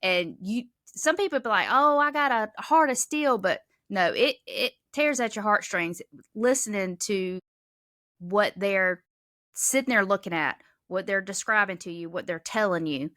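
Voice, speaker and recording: A woman working as an emergency dispatcher, speaking candidly and earnestly in a podcast interview, sometimes halting as she recounts hard calls. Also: mid-range voice, sharp tone, no room sound, studio quality. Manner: earnest, speaks haltingly about emotional work. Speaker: 911 dispatcher guest.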